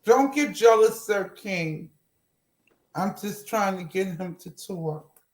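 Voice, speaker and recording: A man doing sassy flirt Natasha, high and slow. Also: lively intonation, echoey room. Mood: coaxing. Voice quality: coaxing, teasing, sweet-talking. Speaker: show host. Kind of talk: casual avatar chat show.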